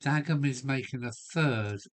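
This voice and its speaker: A man's voice: medium pitch, normal speed. An Englishman chatting on a live stream from his home loft, blunt and opinionated, rambling and swearing now and then. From England. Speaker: model railway live streamer. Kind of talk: casual rambling chat to a live audience. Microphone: live stream setup.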